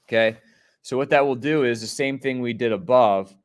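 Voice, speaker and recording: A man's voice: medium pitch, normal speed, clean tone. A man teaching a coding lesson, explaining step by step and checking in with his students as he goes. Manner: step-by-step explaining, often checking in with "right?" and "okay?". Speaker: programming teacher. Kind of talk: screen-share coding lesson.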